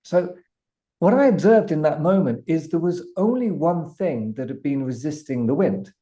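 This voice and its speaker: Mellow-voiced British man telling a story. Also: a little high, expressive, moderate pace. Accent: British English. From Britain. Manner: vivid, building anecdote with many restarts. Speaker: guest artist. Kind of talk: animated storytelling.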